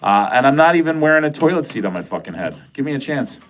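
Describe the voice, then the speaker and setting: A man's voice: medium pitch, very animated, fast, soft background music. A man with a nasal Midwestern American accent hosting a livestream, rambling casually, swearing freely and joking with his chat. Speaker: livestream host.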